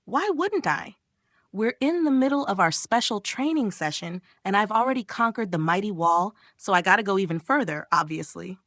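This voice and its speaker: A smug, cocky young man from a comic recap, teasing and full of himself, as a woman reads his lines. The voice sits at a middle pitch and sounds dry and close. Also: expressive, moderate pace, fairly bright tone, no echo.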